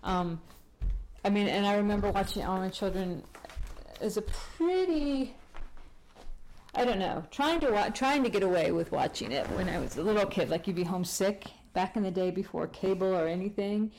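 A woman's voice: medium pitch, expressive, normal speed, darkish tone, a little hiss or hum. A woman hosting a podcast from home, chatting casually, rambling with lots of fillers and restarts, and walking around the room as she talks. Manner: moves around the room while talking. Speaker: podcast host. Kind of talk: casual chat.

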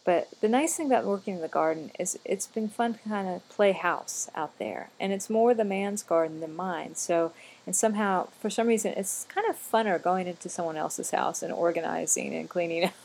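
A woman's voice: fairly low pitch, moderate pace, gravelly, a little mellow, slight background noise. A middle-aged woman chatting casually, rambling from one aside to the next with a chatty, digressive manner.

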